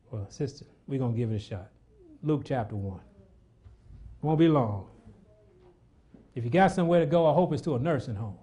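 A man's voice: mid-range voice, mellow. A man preaching a sermon, reading scripture aloud and calling out questions to his congregation.

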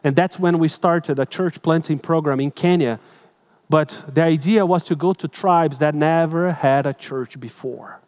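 Male pastor, high voice, animated sermon storyteller, slightly broken English. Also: unhurried. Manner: animated, dramatic shifts between loud and hushed.

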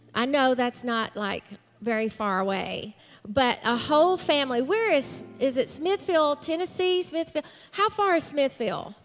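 Woman pastor, very high and bright, excited welcome to church visitors, music under. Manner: warm, excited, calls out to the congregation. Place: large church sanctuary.

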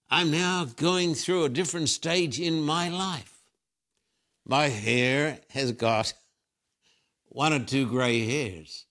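Older man, preacher, fervent emphatic delivery, slightly high voice. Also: a bit bright. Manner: emphatic preaching with repeated phrases. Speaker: Christian preacher. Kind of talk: fervent spiritual interview answers.

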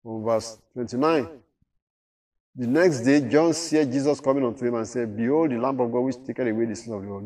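A man leads a Bible study at a middling pitch. He reads verses aloud, then explains them and keeps asking his listeners questions. His voice sits a little back from the microphone. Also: mellow, far from the mic. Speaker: Bible teacher.

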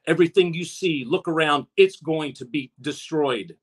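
A man's voice: normal speed, breathy edge. Impassioned man preaching a sermon. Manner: impassioned, rising in pitch when exhorting. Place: streamed online, talking to a chat audience.

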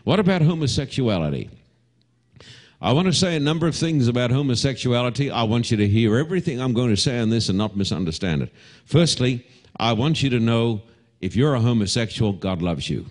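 Animated Australian pastor preaching. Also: male voice, medium pitch, a little fast. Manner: animated preaching with homely asides and humor. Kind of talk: televised sermon to a live congregation.

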